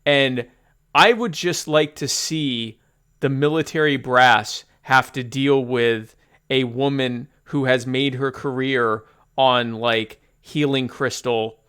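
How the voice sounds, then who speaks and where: A man's voice: mid-range voice, a bit bright, smooth. A man co-hosting a podcast, chatting about politics animatedly, joking, with stammering restarts. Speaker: podcast co-host. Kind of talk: casual political chat.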